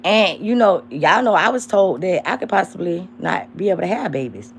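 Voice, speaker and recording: A young woman hosting a casual livestream, talking bluntly and profanely as she calls out a rival, swinging between loud mocking lines and low murmurs. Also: animated, moderate pace, slight background noise. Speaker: livestream host.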